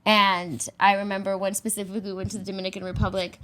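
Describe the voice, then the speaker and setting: A woman's voice: mid-range voice, level tone, fast, bright, forceful tone, a little hiss or hum. A young adult woman on a casual podcast, talking candidly and from the heart, with many "like" fillers.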